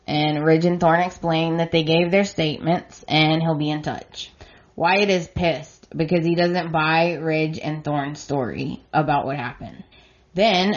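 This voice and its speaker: A woman's voice: fairly low pitch, highs cut off. A woman podcast host giving a plain retelling of soap opera episodes and reading out the characters' lines.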